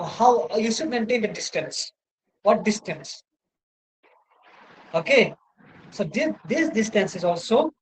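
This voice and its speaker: A man's voice: high voice, poor audio. Indian guy teaching a class over his laptop mic, lots of you know and right?. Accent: Indian English. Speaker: university lecturer. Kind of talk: online lecture. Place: indoors at a laptop, video lecture. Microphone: laptop microphone.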